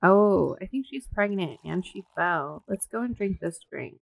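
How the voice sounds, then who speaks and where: A woman hosting a let's play, commenting in an excitable, giggly and crude way. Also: medium pitch, unhurried, vocal fry, dry recording. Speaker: gaming video host.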